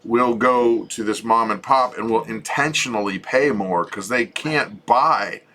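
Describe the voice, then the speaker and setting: A man's voice: mid-range voice, a little slow. A middle-aged man co-hosting a homesteading channel, chatting casually and jokingly with viewers. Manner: chatty, relaxed, joking, frequent restarts.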